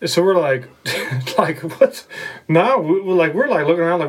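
A man's voice: fairly high pitch, animated, normal speed. A man telling a story on a podcast in a rambling, profane way, laughing often. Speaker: podcast co-host. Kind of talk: casual storytelling.

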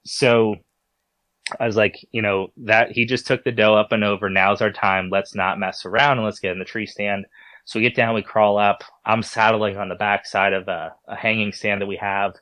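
This is a man guesting on a podcast, walking the listener through a hunt in his own words. His voice sits on the low side, and it comes across close and dry with no room sound. He trips and repeats words as the story pours out. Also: fairly even intonation, moderate pace, a bit bright, no room sound. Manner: stumbles and repeats words while recounting a story.

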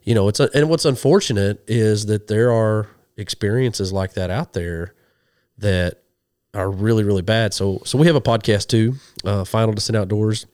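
A man, a podcast guest telling a hunting story in a casual, animated way and acting out the people he quotes. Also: on the low side, moderate pace, smooth, dry recording, clean studio sound. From western Oklahoma. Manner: animated, acts out quoted voices. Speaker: guest, hunting show host and minister.

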